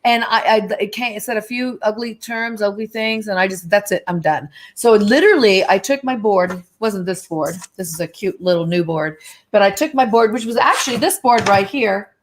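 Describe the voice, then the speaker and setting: A woman guest on a live-stream chat, telling stories in a lively, chatty way and acting out the voices in them. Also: medium pitch, normal speed. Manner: animated storyteller, acts out quoted dialogue. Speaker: guest medium.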